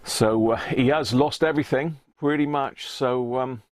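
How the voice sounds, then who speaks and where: A middle-aged man talks casually on a live stream from his workshop. He is chatty and easygoing, greeting viewers by name and chuckling between remarks. His voice sits at a medium pitch and sounds dry and close, with no room echo. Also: a little slow. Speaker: livestream host.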